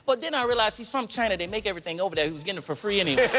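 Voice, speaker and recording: A man telling comic stories in an animated way, jumping into high squealing voices for the people in them. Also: racing, hardly any pauses, heavy background noise. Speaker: comedian and actor. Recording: music playing under the voice.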